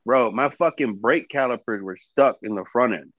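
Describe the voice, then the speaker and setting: A man's voice: medium pitch, normal speed, no room sound, phone-quality sound. A man in casual chat telling a heated story full of swearing.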